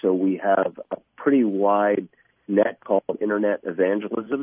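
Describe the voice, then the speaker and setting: A man speaking as a guest in a radio interview, earnest and halting, often restarting his sentences. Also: on the low side, expressive, breathy edge, no room sound. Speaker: guest from an evangelistic ministry. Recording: tinny phone line.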